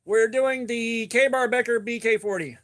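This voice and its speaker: This livestream host's voice is very high-pitched and fairly bright, with no echo at all. He answers viewer comments in a loose, joking way, rambling and throwing in quick asides.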